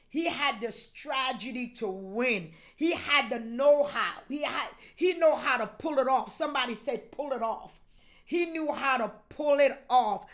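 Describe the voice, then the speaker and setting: A woman pastor preaching a sermon, repeating lines and calling on the congregation to answer back, moving between hushed urging and shouted exhortation. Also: high voice. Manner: call-and-response, repeats phrases.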